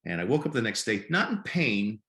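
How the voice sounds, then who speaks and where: A man in his fifties from Nebraska, a podcast guest telling his story in a halting way and often repeating words. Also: lowish voice, sing-song, a bit bright. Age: 50s. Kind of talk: conversational storytelling. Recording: roomy echo.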